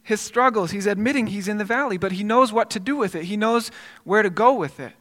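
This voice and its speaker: A man's voice: high-pitched, a little fast, fairly bright tone, big-room sound. A male pastor preaching a sermon, telling a story earnestly with frequent repeated words and restarts.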